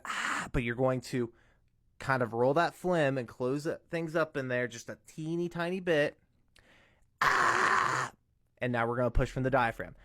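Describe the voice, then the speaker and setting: Here a vocal tutorial maker explains things step by step in a casual tutorial, earnest and careful, now and then demonstrating with screams and whispers. His voice sits at medium pitch, captured studio-clean without any room sound.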